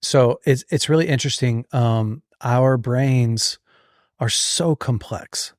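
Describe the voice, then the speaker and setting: A man hosting a podcast in casual chat, telling stories and acting out inner thoughts in lively bursts. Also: mid-range voice, slow, no room sound, studio quality. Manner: animated, acts out inner thoughts. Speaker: podcast host.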